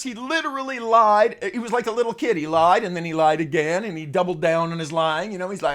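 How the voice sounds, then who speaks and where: A man riffing through a comic sports rant in a somewhat high voice. He is sarcastic and foul-mouthed, swears freely, and keeps chuckling at his own jokes. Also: fast, few pauses, fairly bright tone. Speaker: host. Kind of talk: comedic sports monologue.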